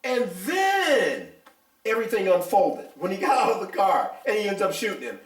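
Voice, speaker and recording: An older man with a high voice talks bluntly and emphatically, his pitch leaping around as he tells the story. He sits some distance from the mic, in a room with a lot of echo. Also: sing-song, normal speed. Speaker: retired police officer, interviewee. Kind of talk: casual interview talk.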